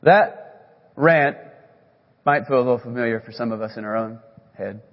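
A man preaching a sermon as a pastor, earnest, leaning on key words with slow, emphatic phrasing. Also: mid-range voice. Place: church sanctuary. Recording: echoey hall, muffled sound.

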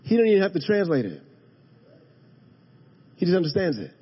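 High-voiced husky preacher. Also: male voice, very animated, a little fast, muffled recording. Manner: dynamic preaching, drops to a hush then rises to emphatic calls; addresses the congregation directly. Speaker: pastor. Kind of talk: sermon. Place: church sanctuary.

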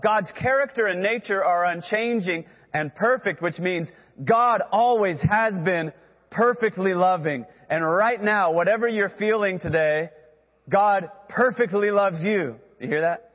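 A man's voice: high voice, a little slow, long reverb tail, dull audio. A man preaching a sermon as pastor, earnest and direct, who has the congregation repeat phrases after him.

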